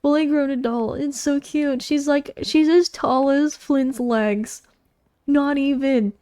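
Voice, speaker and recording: A woman's voice: high voice, steady tone, slow pace, mellow. A young woman giving casual, rambling gameplay commentary, gushing and bubbly with lots of fillers. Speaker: gaming YouTuber.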